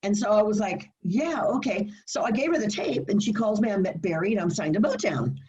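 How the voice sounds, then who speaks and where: An older woman, a singer, telling her life story in a casual interview, animated and laughing, acting out what people said. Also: mid-range voice, a little fast, highs cut off. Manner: animated, laughing, acts out quotes. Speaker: singer guest.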